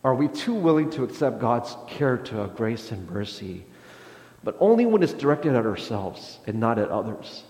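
A man's voice: mid-range voice, big pitch swings, normal speed, darkish tone. A male pastor delivers a sermon in a church sanctuary, stumbling over his words with restarts and fillers. His voice sits in the middle range. The sound carries a roomy, echoing hall with a long reverb tail. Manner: hesitant, many restarts and fillers.

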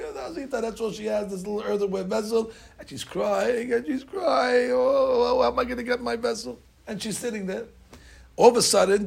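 A man teaching a religious class to women, telling stories animatedly with many fillers. His voice sits high, with a gravelly, husky grain.

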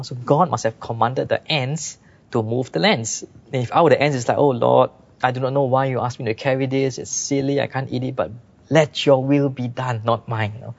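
A man's voice: medium pitch, vocal fry, lo-fi sound. A man preaching a sermon in a chatty, conversational way, often dropping "you know".

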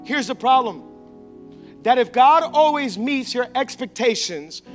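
A male pastor preaching an animated sermon in a church, acting out the characters he describes. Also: extremely high pitch, measured pace, faint music behind. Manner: animated, acts out biblical characters.

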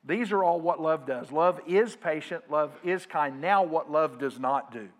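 A male pastor preaches to his congregation, urging them to respond aloud as he shifts between loud emphasis and quiet asides. His voice sits a little high and his pace is a little slow.

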